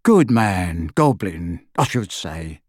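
A reader voicing a mellow-voiced, middle-aged wizard father who talks in a friendly, chatty way. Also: sits low, very animated, slow, no room sound, studio quality, pitched below the performer's own voice, full character voice. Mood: easygoing. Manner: easygoing, chatty. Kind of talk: audiobook character voice.

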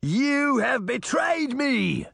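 A man's voice: medium pitch, a little slow, gravelly, husky, dry recording, clean studio sound. A man voicing a hostile sheriff who bellows accusations. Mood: furious.

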